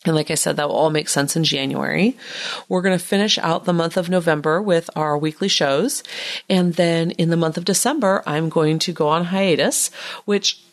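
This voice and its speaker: A woman's voice: low-pitched, normal speed. A woman therapist hosting her own podcast, talking in a chatty, reassuring way with loose fillers. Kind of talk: casual solo podcast talk.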